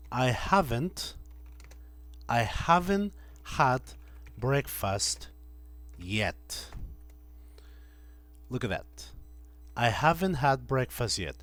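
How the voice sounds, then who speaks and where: Slow, patient man teaching grammar. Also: medium pitch, no echo. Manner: slow, patient, repeats example sentences. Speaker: English teacher. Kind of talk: classroom grammar lesson. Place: classroom with students.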